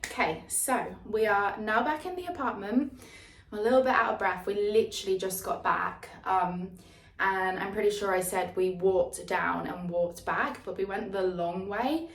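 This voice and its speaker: A young woman chatting casually to her phone camera for a vlog, lively and a little rambling, using casual slang. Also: mid-range voice, a little slow, recorded from a distance. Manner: chatty, excitable, says "proper" and "bear with". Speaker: vlogger. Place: outdoors by the sea, then an apartment kitchen. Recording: echoey with loud background noise.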